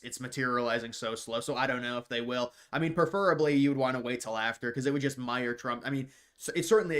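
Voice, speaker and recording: A man's voice: mid-range voice, a bit bright. Rambling man reading chat questions. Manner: rambling, repeats words when starting sentences; scornful mocking asides. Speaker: livestream host reading viewer questions. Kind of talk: casual live chat.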